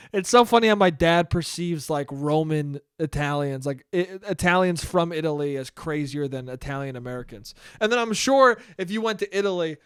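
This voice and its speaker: A man's voice: fairly high pitch, lively intonation, moderate pace, hardly any pauses, fairly bright tone, smooth, no echo, clean studio sound. A young man hosting a casual solo podcast, rambling and swearing freely in an amused tone. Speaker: podcast host.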